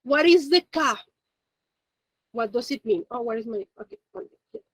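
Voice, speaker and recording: A high-pitched woman leads an online beginner language lesson. Her voice sounds close and dry, with no room echo. She keeps asking her students "okay?" and "yes?" to keep them with her. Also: animated, normal speed. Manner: encouraging, checks in often with "okay?" and "yes?". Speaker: Japanese teacher. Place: Japanese language school in Monterrey. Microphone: video call.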